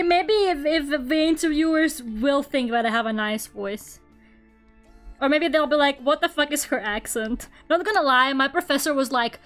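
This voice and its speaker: A woman's voice: sits high, a bit bright. A young woman with a Russian accent, a native Russian speaker, chatting casually while she draws on stream. She rambles, laughs a lot and fills her talk with "like" and "I don't know". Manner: rambling, laughs often, lots of fillers.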